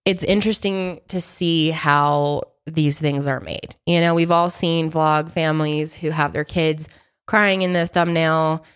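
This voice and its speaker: A woman's voice: low voice, steady tone, a little slow, smooth. A young woman co-hosting a podcast, chatty and recounting a story in casual conversation. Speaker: podcast co-host. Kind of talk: casual chat.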